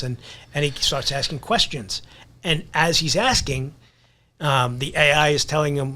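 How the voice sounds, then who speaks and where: A man's voice: a little high, steady tone, a little slow, bright, forceful tone. A man guesting on a podcast, talking earnestly in a casual conversation and repeating words as he builds a point.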